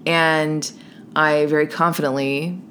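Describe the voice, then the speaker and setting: Woman w a low voice, slow storytelling podcast host, goes all hushed n whispery at the creepy bits. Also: level tone, a little hiss or hum. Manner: hushed, drops to a whisper for tense moments. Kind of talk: personal storytelling.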